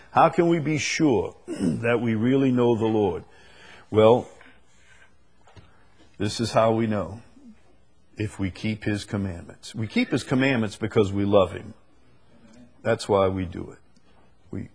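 Low husky-voiced male Bible teacher. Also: darkish tone. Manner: earnest, repeats key phrases, reads scripture slowly; speaks to a live group.

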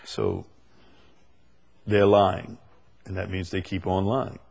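A man gives a verse-by-verse Bible lesson to a group in a low, slightly husky voice. He is earnest and circles back to repeat key phrases, and he slows down to read each scripture passage. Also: big pitch swings, darkish tone. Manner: speaks to a live group. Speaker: Bible teacher.

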